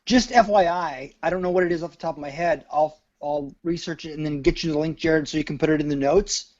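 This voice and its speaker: A man on a video-call panel offers a tip in a matter-of-fact way, his voice a little high. The audio is dull and lo-fi. He speaks plainly and helpfully. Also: fairly even intonation, quick pace, darkish tone. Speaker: panel guest.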